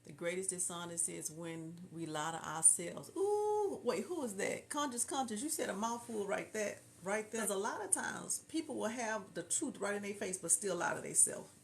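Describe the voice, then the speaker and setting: A woman's voice: mid-range voice, normal speed, gravelly, few pauses, a little hiss or hum. A woman from Houston with a Southern drawl, hosting a casual livestream, chatting and reading viewer comments aloud. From Houston, Texas. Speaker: livestream host reading chat. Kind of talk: casual chat.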